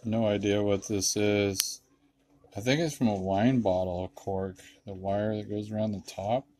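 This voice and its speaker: A man's voice: fairly low pitch, unhurried, slight background noise. A man vlogging outdoors while metal detecting, talking casually and bursting into awed exclamations over his finds. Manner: excitable, breaks into awed exclamations. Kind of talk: casual vlog narration.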